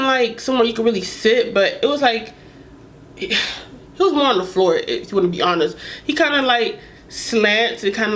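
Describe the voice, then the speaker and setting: Young woman telling a candid story. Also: a little high. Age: young adult. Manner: candid, animated, laughs and whispers at moments. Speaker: vlogger. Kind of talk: storytime vlog.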